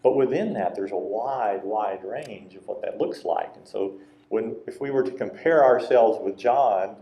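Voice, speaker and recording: A man's voice: on the low side, measured pace, dark tone. A man preaching a sermon as pastor, speaking conversationally and acting out quoted lines in a livelier voice, in a church sanctuary. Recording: roomy church sanctuary sound.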